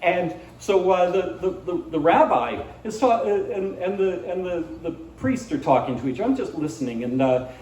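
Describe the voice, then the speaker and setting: A man's voice: sits high, animated, moderate pace, few pauses, darkish tone, roomy sound, recorded from a distance, slight background noise, low-quality recording. A man doing live stand-up at a small cafe, rambling with many fillers and restarts. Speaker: stand-up comedian. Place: small cafe venue, indoors.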